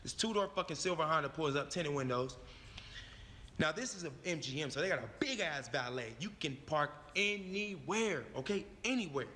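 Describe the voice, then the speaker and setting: A man's voice: a little high, lively intonation, normal speed, sharp tone, in a large hall, slight background noise. A man telling a personal story in a profane, emphatic way, repeating his phrases for effect. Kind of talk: animated storytelling.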